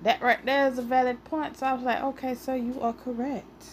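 A woman hosting a casual solo podcast, telling stories in an animated, playfully argumentative way and sounding a little out of breath. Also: high voice, fairly quick, slight background noise. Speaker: podcast host.

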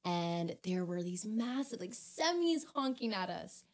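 A young woman, a podcast guest telling a story in a casual, animated way, laughing and swearing often. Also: mid-range voice, a little slow.

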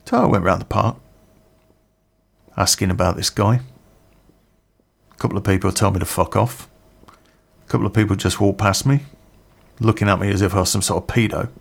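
Middle-aged male storyteller, lowish fry-edged voice, loose rambling delivery full of curses. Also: normal speed, long pauses. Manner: swears freely, rambling anecdotal asides. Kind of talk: casual spoken storytelling.

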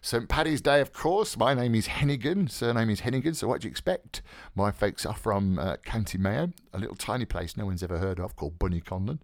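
A male radio host with a fairly low voice, chatting in a lively, up-and-down way. He rambles and jokes with plenty of fillers, and the sound is close and dry. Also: a little fast, dry recording. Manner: rambling, jokey, full of fillers. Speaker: podcast host. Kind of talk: casual radio chat.

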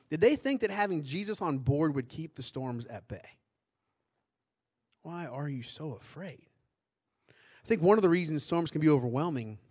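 Middle-aged male pastor, fairly high voice, chatty sermon delivery that checks in with the room. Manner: conversational, asks the congregation questions.

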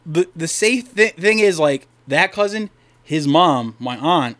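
A man's voice: a little high, animated, a little slow, a bit bright. A young man from Delaware co-hosting a podcast, telling long, profane, rambling stories in casual chat. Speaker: podcast co-host.

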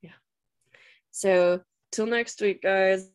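A woman co-hosting a podcast, chatting casually and upbeat about a TV episode and trailing off into soft asides. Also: mid-range voice, fairly even intonation, very slow, smooth. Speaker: podcast co-host. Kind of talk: casual chat reviewing a TV episode.

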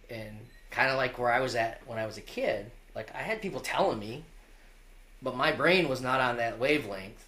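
A man's voice: on the low side, pushed and bright, a little hiss or hum. A middle-aged man, a wrestling coach, telling stories in a candid interview, earnest and loose, often restarting and checking in with "right?".

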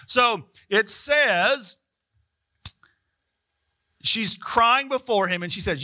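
Bright-voiced preacher, chatty storytelling. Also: male voice, high voice, lively intonation, very slow, pauses often. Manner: casual storytelling with asides to the audience. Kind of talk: sermon.

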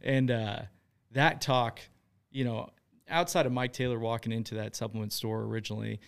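A man who owns a business, telling stories casually as an interview guest, chatty and quick to laugh. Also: medium pitch, steady tone, creaky, clean tone, dry recording, clean studio sound.

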